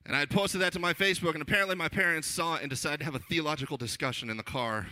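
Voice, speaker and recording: Animated high-voiced man preaching. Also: racing. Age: 30s. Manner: animated, jokey, acts out quoted voices. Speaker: children's pastor. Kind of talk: conversational sermon with storytelling.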